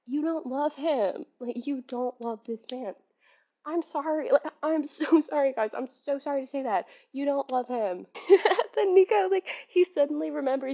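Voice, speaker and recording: A woman giving a casual spoken book critique, animated and exasperated, laughing often and swearing as she talks. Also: sits high, normal speed, muffled recording. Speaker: book reviewer.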